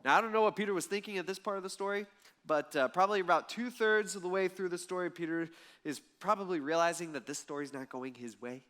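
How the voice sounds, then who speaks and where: High-voiced lively male preacher. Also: fast. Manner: lively storytelling preacher, acts out voices in the parable. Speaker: pastor. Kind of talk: sermon.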